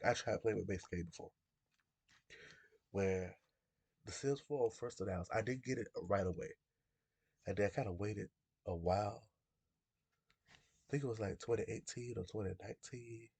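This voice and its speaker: Gravelly-voiced young man feeling sick. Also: fairly low pitch, a little mellow, dry recording. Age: 20s. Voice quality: gravelly, husky. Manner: rambling, conversational, self-correcting. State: sick, under the weather. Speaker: gaming YouTuber. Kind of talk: casual chat.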